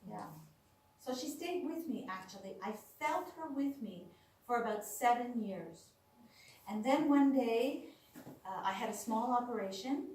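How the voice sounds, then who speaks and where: A woman's voice: fairly high pitch, measured pace, a little hiss or hum. Woman, storytelling, very echoey room, distant mic. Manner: animated storyteller, acts out quoted voices. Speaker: speaker sharing personal experiences. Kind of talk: storytelling talk to a small audience.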